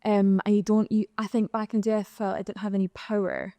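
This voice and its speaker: A young Scottish woman, a singer appearing as a guest, candidly tells stories on a live panel and acts out the exchanges she quotes, at a live podcast recording in an arts venue. Her voice is medium-pitched, mellow and fast, with little pitch movement, in a dry recording.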